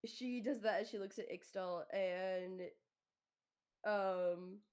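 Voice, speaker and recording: A woman's voice: mid-range voice, slow pace, a little mellow, clear, resonant tone. A woman playing in a tabletop game, describing her character's actions in a casual, hesitant way. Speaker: player.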